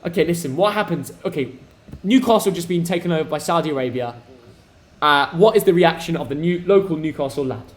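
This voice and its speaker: A young English man hosting a football live stream, teasing and pushing his dad, excitable and quick to swear. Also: on the high side. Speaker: streamer, host.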